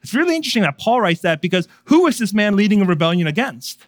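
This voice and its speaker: Earnest higher-voiced male preacher, dry sound. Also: sing-song, quick pace, no echo. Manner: conversational preaching, swinging from raised emphasis to hushed earnestness. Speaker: pastor. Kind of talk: sermon.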